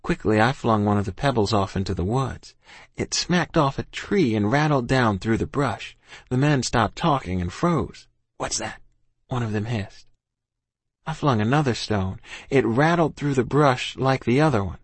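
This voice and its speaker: A man's voice: medium pitch, expressive, moderate pace, husky, no room sound. A man reading a first-person story aloud as an audiobook, in a folksy, plain-spoken rural dialect. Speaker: audiobook narrator.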